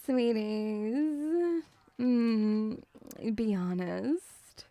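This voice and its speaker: A woman's voice: sits high, measured pace, a little mellow, no room sound. A young British woman streaming live as a playful, mock-stern teacher who teases her audience. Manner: teasing, mock-stern, calls the audience "sweetie".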